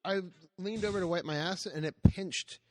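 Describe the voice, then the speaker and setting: Higher-voiced man swearing through podcast stories. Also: normal speed, a crowd in the background. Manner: crude storytelling, swearing freely. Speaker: podcast co-host. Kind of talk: casual banter.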